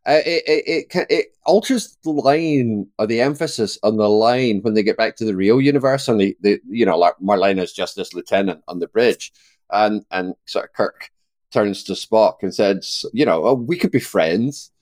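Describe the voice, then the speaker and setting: A man co-hosting a podcast in casual chat, animated and laughing often as he acts out quoted lines. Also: lowish voice, moderate pace, no room sound, clean studio sound. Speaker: podcast co-host.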